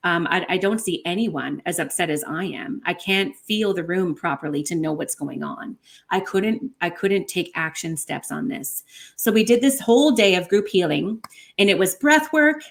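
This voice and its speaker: A woman, a podcast guest, telling a personal story in an animated way with many fillers. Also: on the low side, moderate pace, creaky. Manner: animated, many fillers like 'like' and 'you know'.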